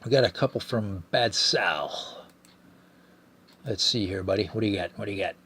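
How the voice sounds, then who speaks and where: A man's voice: lowish voice, moderate pace, fairly bright tone, breathy edge. A man hosting a solo podcast, reading out listener messages in a rambling, profane, casual way with frequent stammered restarts. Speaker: podcast host.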